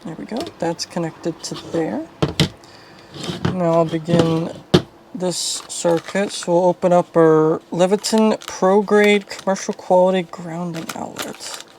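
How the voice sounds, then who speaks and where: Slow low-key woman tinkering and muttering. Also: fairly even intonation, noisy background. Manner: thinking aloud, low-key, muttering while working. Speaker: video host. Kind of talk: casual DIY repair narration.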